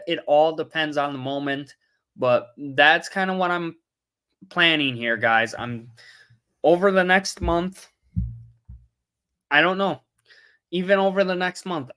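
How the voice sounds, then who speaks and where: A man's voice: fairly high pitch, pushed and bright. A young man hosting a casual livestream, chatting loosely to viewers and often losing his train of thought. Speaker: livestream host. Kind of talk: casual live-stream chat.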